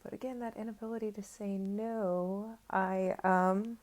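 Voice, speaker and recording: A woman's voice: mid-range voice, normal speed, darkish tone. A woman in her thirties telling a candid, self-mocking story to camera in a casual chat, with lots of fillers. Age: 30s. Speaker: vlogger.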